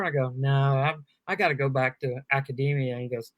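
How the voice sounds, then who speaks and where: A man who is a guest comedian on a podcast, telling animated anecdotes and acting out quotes in casual chat. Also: medium pitch, quick pace, hardly any pauses, no echo.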